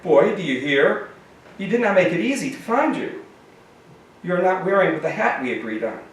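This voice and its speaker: A man reading aloud and voicing a menacing macho man in leather who speaks in a high, effeminate, mean voice. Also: big pitch swings, normal speed. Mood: stern. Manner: stern, mean, commanding. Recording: echoey room from a distance.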